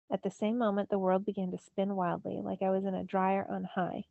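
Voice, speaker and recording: A woman's voice: medium pitch, little pitch movement, fairly quick, vocal fry, hardly any pauses, no room sound, phone-quality sound. A teacher reading a novel aloud to her students, narrating expressively in the first person. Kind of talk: storybook read-aloud.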